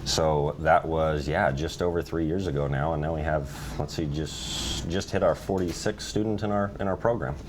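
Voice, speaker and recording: Man, young adult, deep pitch, casual interview guest, agreeable, slight background hiss. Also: steady tone. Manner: agreeable, quick to affirm with short interjections. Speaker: golf coach, guest.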